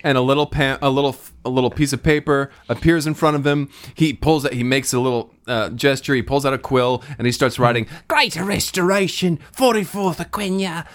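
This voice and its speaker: A man improvising a comic story, excitable and stumbling over repeated words. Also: mid-range voice, brisk, few pauses, smooth.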